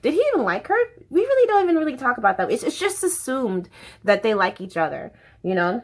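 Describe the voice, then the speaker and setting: A woman's voice: on the high side, sing-song, fast. A young woman chatting casually to camera as a vlogger, bubbly and chatty, swearing freely.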